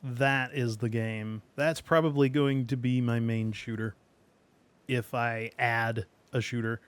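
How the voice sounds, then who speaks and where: A male streamer in casual gameplay commentary, talking at a slow, unhurried pace. His voice sits at an ordinary middle pitch, rambling through thoughts with fillers and small laughs between them. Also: clean tone. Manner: relaxed, rambling, trails off with fillers and soft laughs.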